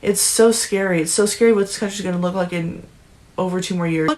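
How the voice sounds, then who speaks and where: A woman's voice: fairly low pitch, a little fast, darkish tone. Young woman vlogger, foul-mouthed and tearful, ranting hard. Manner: profane, emotional, ranting, restarts often. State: near tears. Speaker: political commentary vlogger. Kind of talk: angry political rant vlog.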